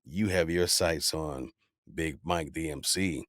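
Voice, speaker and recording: A man hosting a podcast, asking relaxed follow-up questions in casual conversation. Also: a bass voice, takes it slowly, dry recording, studio quality. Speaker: podcast host. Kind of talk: casual interview chat.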